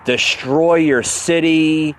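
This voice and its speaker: A man's voice: fairly high pitch, steady tone, takes it slowly. A man hosting a podcast, ranting heatedly about politics, stammering and repeating himself as he gets worked up, with bursts of mocking sarcasm. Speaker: podcast host.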